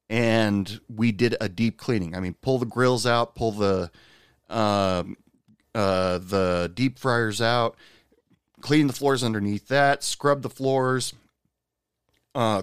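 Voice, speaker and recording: Low, smooth-voiced man telling a story. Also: no echo, studio quality. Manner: candid, confessional, unhurried. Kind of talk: casual personal storytelling.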